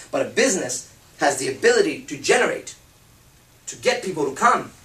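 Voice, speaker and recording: A man's voice: fairly high pitch, a bit bright, distant mic. A man giving a live seminar talk to an audience, blunt and emphatic, swearing freely. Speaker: seminar speaker. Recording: roomy hall, speaker off-mic.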